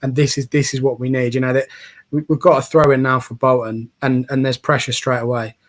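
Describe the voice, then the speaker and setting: Excitable football fan commentator. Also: male voice, medium pitch. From England. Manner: excitable, chatty, quick to cheer and tease. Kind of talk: casual live match commentary.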